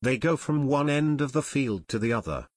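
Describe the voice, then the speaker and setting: A man's voice: mid-range voice, expressive, moderate pace, no room sound, close to an everyday voice. A man voicing a level-headed teenage boy detective, matter-of-fact, in an audiobook.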